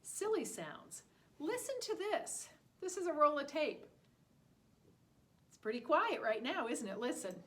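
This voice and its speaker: A woman's voice: high voice, big pitch swings, measured pace, long pauses, fairly bright tone. A woman teaching a listening lesson to preschool children, talking in an exaggerated, sing-song way.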